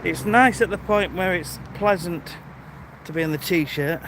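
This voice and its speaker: A British man live-streams on a rural outdoor walk, chatting casually and greeting viewers by name while holding his phone. His voice is high-pitched, unhurried and a bit bright, with a little hiss or hum in the recording.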